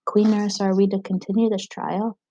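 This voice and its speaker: A woman's voice: mid-range voice, flat delivery, fairly quick, warm tone, no room sound, dull audio, lightly acted. Woman reading as a formal head judge.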